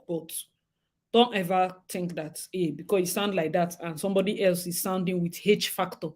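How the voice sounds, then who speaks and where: A Nigerian woman co-hosting a talk show, chatting in a lively, dramatic way with frequent laughs and asides. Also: medium pitch. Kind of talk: casual chat.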